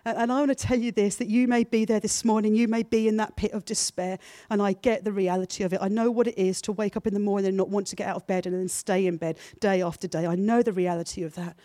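A woman's voice: mid-range voice, steady tone, quick pace, hardly any pauses, no echo. A woman preaching a sermon to her church in an earnest, personal way. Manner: earnest, builds from soft confessional to emphatic.

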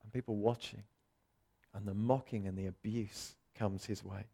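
A man's voice: fairly low pitch, steady tone, normal speed, creaky, breathy edge. Dramatic man preaching a sermon. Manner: dramatic, acts out quoted voices, swings loud and soft.

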